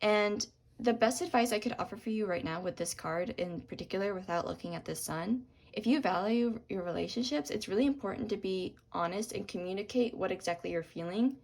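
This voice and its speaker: A young woman does a tarot reading at a brisk clip in a medium-pitched voice, gentle and reassuring. She says "um" and apologizes often, and her voice cracks from so much talking.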